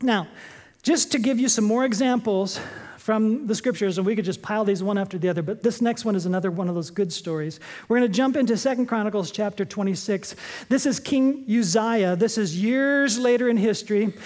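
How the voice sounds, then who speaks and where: A man's voice: high-pitched, a little fast. Emphatic, storytelling male pastor. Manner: lively, jokey storytelling preacher; emphatic repetition of short points. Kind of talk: sermon.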